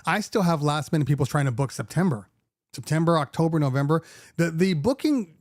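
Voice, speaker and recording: A man with a somewhat high voice chatting casually on his podcast, recorded dry and close with no room sound. He rambles through stories full of restarts and "like", his pitch climbing as he gets worked up and vents about clients. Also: dry recording. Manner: animated storyteller who gets worked up, pitch rising when venting. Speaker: podcast host and DJ company owner.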